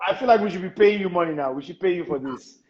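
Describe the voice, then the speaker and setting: An excitable man, hosting a live chat from his phone. His voice is a little high and comes through dull and lo-fi. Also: quick pace, over a noisy crowd. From Nigeria. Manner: excitable, amazed. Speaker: host.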